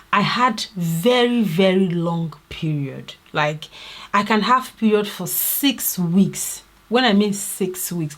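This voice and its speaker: A woman vlogger talks straight to her viewers in an earnest, confiding way. Her voice sits a little low, and she keeps pausing to ask the audience about their own experiences. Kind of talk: personal vlog talk to camera.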